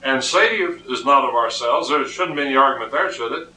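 A man's voice: medium pitch, lively intonation, fairly quick, pushed and bright, recorded from a distance. A man preaching a sermon, emphatic and often repeating words as he reasons aloud, recorded in an echoey room with the voice off-mic.

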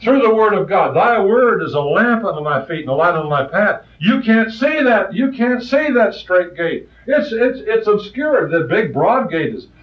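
Fiery preacher guy, swings loud then hushed, old muffled tape off in a roomy hall. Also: high voice, sing-song, moderate pace, hardly any pauses, recorded from a distance. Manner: impassioned, swings between loud rises and soft asides. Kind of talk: sermon.

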